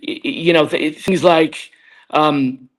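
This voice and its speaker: A podcast host who speaks in a slow, halting way with many fillers. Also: mid-range voice, fairly even intonation. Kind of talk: casual interview chat.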